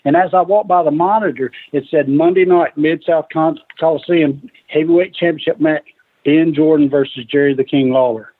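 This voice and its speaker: Male guest, husky and a little high, lively storyteller, heard over a tinny line. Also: normal speed. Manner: animated storyteller acting out quoted lines. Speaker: guest, retired wrestler. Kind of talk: casual storytelling.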